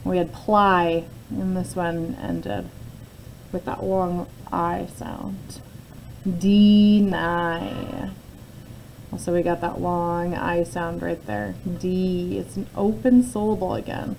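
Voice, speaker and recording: Brief: woman teacher, lower mellow voice, patient step-by-step phonics lesson, faint noise behind. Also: steady tone, slow pace, gravelly, poor audio. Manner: patient, explains step by step with frequent "okay?" check-ins. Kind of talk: phonics lesson, talking through a word sort.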